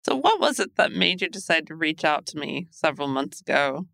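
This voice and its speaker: A woman hosting a podcast, asking calm, probing questions and laughing along with her guest. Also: low-pitched, brisk, gravelly, no room sound, clean studio sound. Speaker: podcast host. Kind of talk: interview questions.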